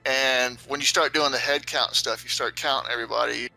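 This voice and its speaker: A man's voice: medium pitch, steady tone, a little fast, vocal fry, bright, forceful tone, soft background music, low-quality recording. A man narrating a tabletop game as game master over an online voice call, rambling and loose with many fillers.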